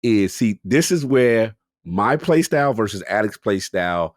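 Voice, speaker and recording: An animated man co-hosting a gaming podcast, telling a long story in casual chat. His pitch swings widely as he acts out his own reactions, and the sound is dry and close. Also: measured pace, dry recording. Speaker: podcast co-host.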